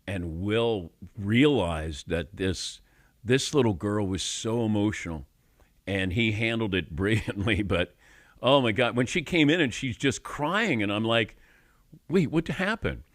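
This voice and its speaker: A low-pitched man hosting a sports radio show, his voice swinging widely as he tells stories and acts out what people said. The studio sound is dry and close. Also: lively intonation, measured pace, no echo. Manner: storytelling, acts out quotes with big pitch jumps. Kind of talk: casual studio chat. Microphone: studio microphone.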